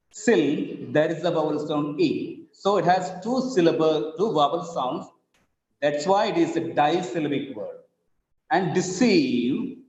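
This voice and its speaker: A teacher talks over his slides. He speaks slowly, repeats points and spells words out letter by letter. His voice sits fairly high, and the recording is muffled and lo-fi, with a long reverb tail. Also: darkish tone. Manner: slow, repetitive explaining with spelled-out examples. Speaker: English teacher. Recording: echoey, dull lo-fi room recording.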